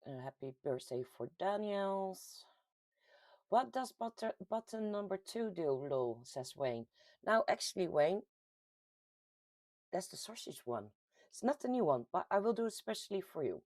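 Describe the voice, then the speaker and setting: A woman from the Netherlands with a Dutch accent hosts a casual livestream, reading out viewer comments in a chatty, giggly way with sudden lively jumps in pitch. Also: a little slow, no echo. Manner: chatty and giggly, with frequent laughs and ums. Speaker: host of a paranormal community livestream.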